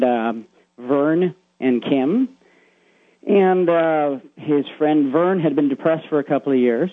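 A caller to a radio show rambles through a ghost story he heard secondhand, putting on spooky voices for the quoted parts. His voice is medium-pitched with no echo, coming through a thin, tinny phone line.

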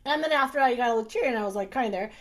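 Chatty woman with a bright high voice. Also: racing. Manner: chatty, animated, many fillers. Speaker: urologist, guest. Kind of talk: casual conversation.

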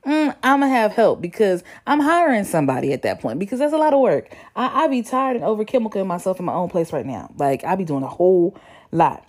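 A young woman, telling a story to her viewers in a chatty, slangy, animated way. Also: mid-range voice, fast. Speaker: vlogger. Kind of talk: casual storytelling to camera.

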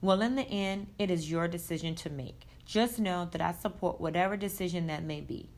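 A woman reading aloud, voicing a warm, motherly older woman who comforts her future daughter-in-law in a soothing, tender way. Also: lowish voice, a little fast, close to an everyday voice.

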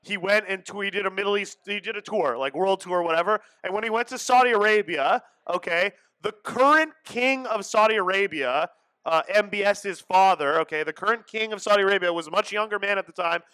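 A man's voice: sits high, a little fast, bright, forceful tone, clean tone, no echo. A man co-hosting a podcast in casual chat, explaining history and correcting his partner. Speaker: podcast co-host.

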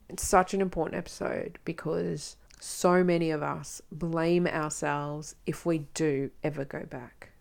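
A woman's voice: deep voice, creaky. An Australian woman hosting her own podcast, talking casually and frankly, swearing freely as she chats to listeners. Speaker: podcast host. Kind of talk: casual solo podcast talk.

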